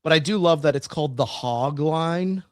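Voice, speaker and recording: A man with a fairly high-pitched voice co-hosts a podcast, talking at normal speed. He chats casually and rambles, restarting often and using many fillers, in a dry recording with clean studio sound.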